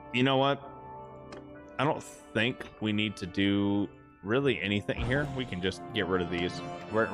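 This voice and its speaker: Joking, low-voiced gaming streamer man. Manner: joking, rambling and crude. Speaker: livestream host. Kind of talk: casual gaming commentary.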